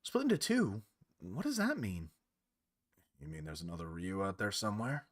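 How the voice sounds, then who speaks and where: A man's voice: on the low side, very animated, moderate pace, pitched below the performer's own voice. A man voicing a proud, old-fashioned emperor who asks puzzled, probing questions.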